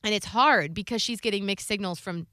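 A woman in her thirties in casual podcast chat, telling stories about her daughter in an animated way and acting out the voices. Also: mid-range voice, brisk, no room sound, studio quality. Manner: animated storytelling, acts out her child's voice.

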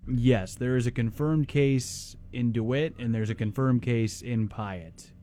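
A man reading ads, weather and news on local radio in a steady, scripted delivery. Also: medium pitch, unhurried. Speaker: radio newsreader.

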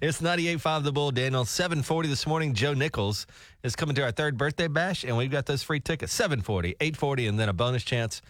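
A man's voice: medium pitch, fast talker, fairly bright tone, no echo, studio quality. A man co-hosting a morning radio show, teasing his partner in casual banter and laughing often. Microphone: studio microphone.

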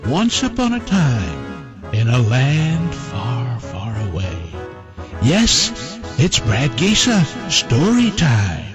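A man doing a slow grand storybook announcer over music. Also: mid-range voice, huge pitch swings. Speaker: show intro announcer. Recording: music bed under the voice.

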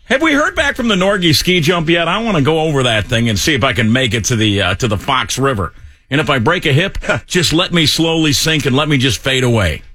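A man's voice: fairly high pitch, fairly quick, a little hiss or hum. A man hosting morning talk radio, joking and poking fun at himself. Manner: jokey, self-mocking, animated. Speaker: fill-in radio host. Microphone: studio microphone.

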